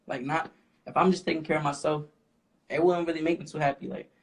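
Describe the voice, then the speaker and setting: A young man, a rapper guest, talking casually and haltingly with lots of fillers. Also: on the high side, fairly even intonation. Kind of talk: casual interview talk. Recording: faint background noise.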